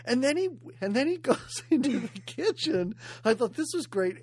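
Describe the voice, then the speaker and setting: A woman's voice: high voice, big pitch swings, normal speed, darkish tone, slightly rough, dry recording. A woman co-hosting a casual movie podcast, wry and incredulous, often laughing as she talks. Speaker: podcast co-host.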